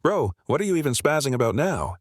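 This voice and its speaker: A man voicing the laid-back spirit of a male martial god, talking in a chill, deadpan way. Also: mid-range voice, quick pace, dry recording, studio quality, pitched above the performer's own voice.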